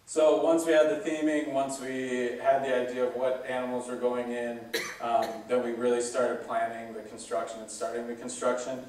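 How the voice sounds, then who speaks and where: A man gives a relaxed zoo talk, full of fillers, in a flat, even voice. He stands well back from the microphone, and the large hall adds a heavy echo. The result sounds roomy and distant. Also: mid-range voice, normal speed, hardly any pauses. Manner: relaxed, chatty, with many fillers. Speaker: zoo staff speaker. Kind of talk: casual public talk.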